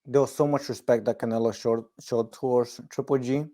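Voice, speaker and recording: A man's voice: medium pitch, steady tone, fairly quick, warm tone, poor audio. A man co-hosting a casual sports chat, giving his opinions and thinking aloud with frequent "like"s. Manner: thinks aloud with lots of "like" and restarts. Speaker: co-host.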